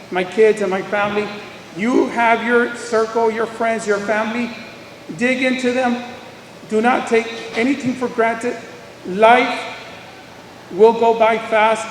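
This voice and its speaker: A middle-aged man, a former teacher, giving an emphatic motivational speech to students with animated storytelling. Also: a little hiss or hum. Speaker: guest speaker, former teacher. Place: large school hall or gym. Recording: booming echoey hall from far off.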